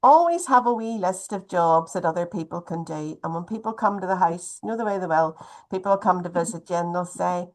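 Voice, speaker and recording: A woman giving a gentle, chatty health talk over a video call. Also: on the low side, brisk. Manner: gentle, chatty, uses wee often.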